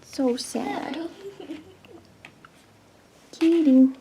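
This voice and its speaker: A woman's voice: high voice, extremely slow, background noise. A woman cooing in baby talk to her pet during a casual home video.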